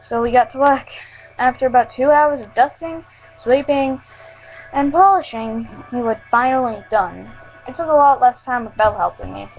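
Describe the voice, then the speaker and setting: A woman's voice: mid-range voice, narrow, tinny audio. Woman casually reading a fan story aloud. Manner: casual, unpolished reading with slips. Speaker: fan fiction reader. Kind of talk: first-person story reading.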